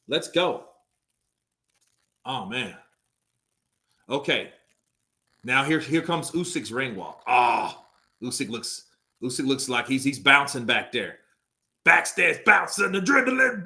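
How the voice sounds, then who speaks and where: A young man hosting a live stream, giving hyped, animated watch-along commentary and laughing often. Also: medium pitch.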